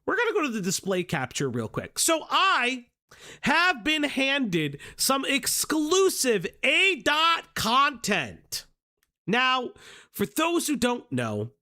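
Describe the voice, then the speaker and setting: A man's voice: extremely high pitch, bright, forceful tone. A young man hosting a commentary livestream, rambling and swearing casually with lots of fillers. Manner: rambling, profane, many fillers and restarts.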